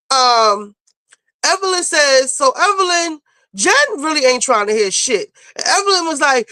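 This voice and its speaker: A woman with a bright, sharp, fairly high voice talks through a reality TV episode in loose, profane, off-the-cuff chat. The sound is close and dry, with no room around it. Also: lively intonation, normal speed, dry recording, low-quality recording. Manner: chatty, off-the-cuff, loose with swearing. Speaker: reality TV recapper. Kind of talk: casual, profane recap commentary.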